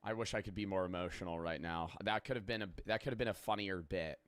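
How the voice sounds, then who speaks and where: A man's voice: low-pitched, fast, fairly bright tone, clear, resonant tone. A young man in casual live-stream reaction chat who rambles, jokes and swears freely.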